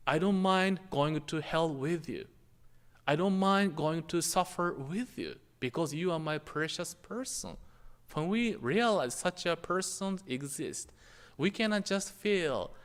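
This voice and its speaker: A man gives a dharma talk at a slow, unhurried pace. His voice is smooth and clear, and he feels his way through each sentence in short, halting phrases. A long hall reverb trails behind his words. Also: a little high, fairly bright tone. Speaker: minister.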